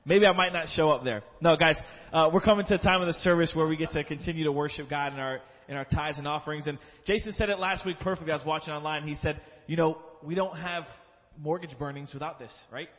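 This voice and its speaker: Speaking quickly and in a high voice with hardly any pauses, a man in a church hall tells an earnest, emotional story at offering time before leading a prayer. It's a sermon testimony, and the sound is dull in the reverberant hall.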